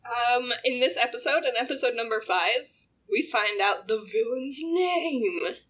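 A woman co-hosting a casual podcast chat, animated and laughing often as she talks over a TV drama. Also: on the high side, a little slow, husky. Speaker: podcast co-host.

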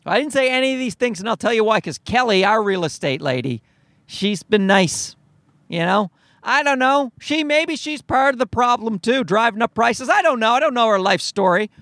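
A man's voice: extremely high pitch, expressive, moderate pace, fairly bright tone, no room sound. A man telling a story to his viewers as a profane, exasperated rant. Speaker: vlogger. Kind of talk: ranting storytime.

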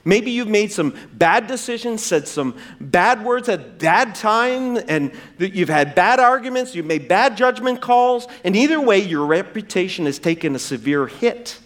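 A man preaching a sermon in church, swinging from loud emphasis to hushed, drawn-out words and acting out quoted dialogue in a raised voice. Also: sits high, animated. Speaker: pastor.

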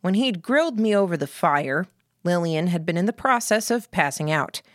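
Woman, audiobook narrator, steady storytelling, low voice, dry close recording. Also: moderate pace, no echo. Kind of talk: scripted narration.

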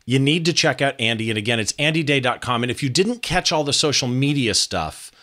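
A man's voice: medium pitch, animated, a little fast, bright, forceful tone. A man hosting an interview, upbeat and direct, asking questions and speaking to the listeners. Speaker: interview host.

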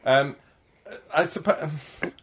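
Animated man guest. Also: a little high, extremely slow, a little hiss or hum. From Yorkshire, England. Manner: animated, self-deprecating storyteller. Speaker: guest, performer. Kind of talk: casual interview chat.

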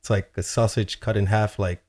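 A man telling a story in a casual chat, animated and swearing freely, with lots of "like". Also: fairly low pitch, normal speed. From Chile. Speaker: guest telling a travel story.

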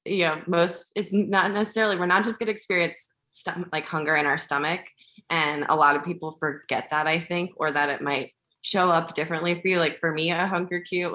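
A woman's voice: sits low, bright, forceful tone. A woman guest on a casual podcast, rambling and restarting her sentences while acting out her own inner thoughts. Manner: rambling, self-interrupting, acts out her own inner dialogue. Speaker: podcast guest who works with clients.

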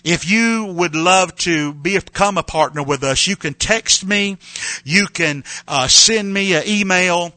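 An older male preacher tells a missionary testimony and then appeals to listeners for support. His voice sits a little high and rings bright and forceful, and he stumbles and repeats himself as he builds emphasis. The recording is dry and close. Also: no room sound. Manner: storytelling with many repeated starts, rising to emphatic.

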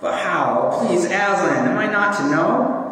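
A man's voice: high-pitched, animated, a little slow, fairly bright tone, voice pushed up. A man voicing an earnest young girl who pleads anxiously. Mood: pleading. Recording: echoey hall from far off.

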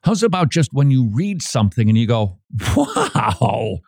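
A man hosting a radio talk show, preaching in a lively way and acting out quoted voices, often repeating his words. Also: mid-range voice, a little fast, no room sound, studio quality.

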